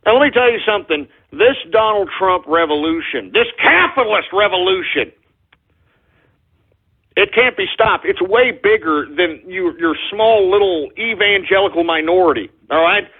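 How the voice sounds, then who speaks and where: Ranting talk radio host, tinny sound. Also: male voice, sits high, expressive, normal speed, husky. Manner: angry, insulting, ranting. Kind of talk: political talk radio rant. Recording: tinny phone-like audio.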